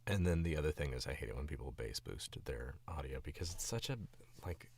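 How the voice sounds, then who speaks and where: A man's voice: very deep voice, lively intonation, fairly quick, gravelly, a little mellow, husky. A young man and voice actor chatting casually on stream while editing his own audio, rambling and self-critical, into a studio mic.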